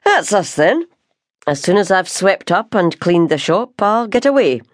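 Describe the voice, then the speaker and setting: A woman voicing a weary, patient middle-aged male baker with a Scottish accent, speaking low, calm and curt. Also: measured pace, no echo, studio quality. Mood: tired.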